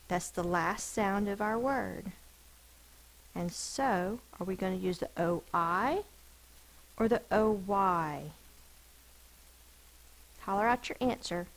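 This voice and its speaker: A woman teacher giving a phonics spelling lesson, sounding out words slowly and deliberately over a screen recording. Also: medium pitch, vocal fry, rough recording.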